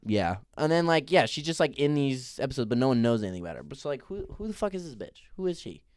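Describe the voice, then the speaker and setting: A man's voice: medium pitch, very animated, fast talker, a little mellow, dry recording, clean studio sound. A man giving a casual, opinionated TV recap, ranting in a profane, exasperated way. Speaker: TV recap vlogger.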